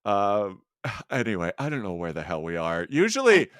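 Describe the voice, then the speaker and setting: Animated man hosting a podcast. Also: on the low side, moderate pace, clean tone, dry recording, studio quality. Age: middle-aged. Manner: laughs often, animated storytelling. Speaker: podcast host. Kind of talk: casual podcast chat.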